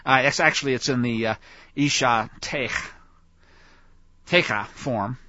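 A man's voice: mid-range voice, unhurried, sharp tone, dry recording. A man teaching through a Bible passage in a folksy, conversational way, with asides to his listeners. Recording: dull lo-fi dry recording.

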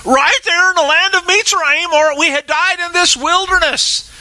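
A man mockingly voicing a shrill, whining crowd wishing they had died. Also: normal speed, sharp tone, no room sound, full character voice, rough recording. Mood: whiny. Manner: shrill, whiny complaining with mocking laughter. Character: whining despairing crowd of grown men.

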